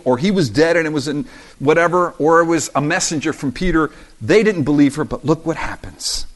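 A man preaching a sermon as pastor, animated and acting out the voices of the story. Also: mid-range voice. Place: church in South Florida.

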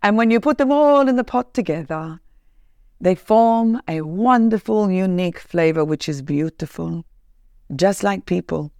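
A woman voicing a middle-aged female restaurant owner, speaking gently and wistfully. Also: mid-range voice, animated, a little slow, no room sound. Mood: fond.

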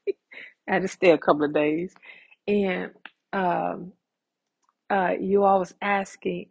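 A woman's voice: on the low side, creaky, breathy edge, muffled recording. A woman hosting a casual solo podcast from home, chatty and talking straight to her listeners as "y'all.". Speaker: podcast host.

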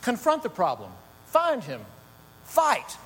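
A man's voice: sits high, wildly swooping pitch, slow pace, a bit bright, slightly rough, voice pushed up, heavily acted. A man playing an intense, tiny, avant-garde woman costume designer, barking bossy clipped orders. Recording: long reverb, faint hum.

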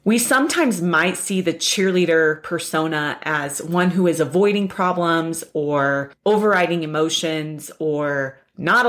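A woman hosting a self-help podcast in an earnest monologue full of repeated rhetorical questions. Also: on the low side. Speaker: podcast host.

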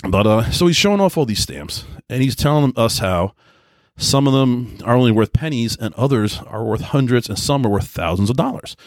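A man in his forties talks alone into the mic for his podcast, wandering through memories at an easy mid pitch. He trips over his own words, stacks up fillers and pokes fun at himself. The sound is close and dry, with no room around him. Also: lively intonation, moderate pace, darkish tone, no echo. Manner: rambling, self-deprecating storytelling with frequent restarts and fillers. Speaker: podcast host. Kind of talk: casual solo podcast monologue.

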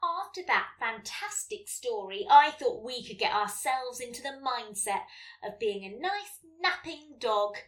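A woman hosts a children's podcast in a soothing, inviting tone. Her voice is bright and high with a lively melody. The mic sits a little far away. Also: unhurried. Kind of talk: gentle storytelling to children.

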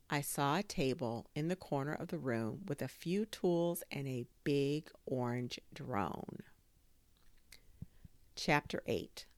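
A woman reads a children's chapter book with low, slightly gravelly tones. Her delivery is expressive and animated, rising and falling widely. The recording is close and dry. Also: dry recording. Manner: expressive storytelling. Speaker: audiobook narrator. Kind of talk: children's audiobook narration.

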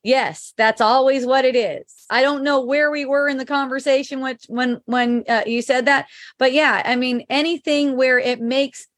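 A woman's voice: high-pitched, fairly even intonation, moderate pace, dry recording. A middle-aged woman hosting a casual spiritual chat, reading viewer comments aloud, laughing often and swearing freely.

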